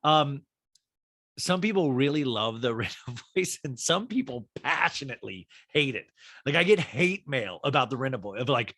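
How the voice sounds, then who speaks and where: A man hosting a podcast, recapping a reality show in a chatty, gossipy, animated way. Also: mid-range voice, brisk, no room sound, clean studio sound. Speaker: podcast host. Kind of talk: casual TV recap chat.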